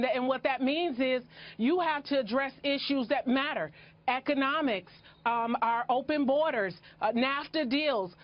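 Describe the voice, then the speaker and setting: A woman speaking as a guest in a political interview, making emphatic points in repetitive rhetorical lists. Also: sits high. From United States. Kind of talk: impassioned political interview answers. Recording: dull lo-fi broadcast audio.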